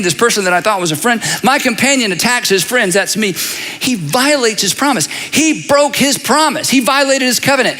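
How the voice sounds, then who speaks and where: Lively bright-voiced male preacher in a reverberant hall. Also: extremely high pitch. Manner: animated, conversational preaching with repeated phrases and asides. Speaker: pastor. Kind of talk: sermon. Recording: long reverb of a large hall.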